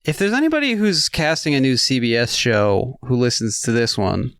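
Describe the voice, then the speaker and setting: A man's voice: medium pitch, expressive, moderate pace, fairly bright tone, no echo. Male podcast host, rambling and self-mocking, dry close recording. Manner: jokey, self-deprecating, rambling asides. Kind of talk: casual chat.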